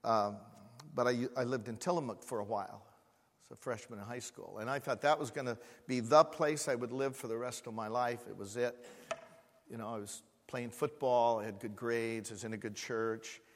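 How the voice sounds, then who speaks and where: A man preaching a sermon as a pastor, swinging from loud, emphatic repeated words to hushed, quiet asides. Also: medium pitch, steady tone, moderate pace. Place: church hall. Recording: long hall reverb in a church.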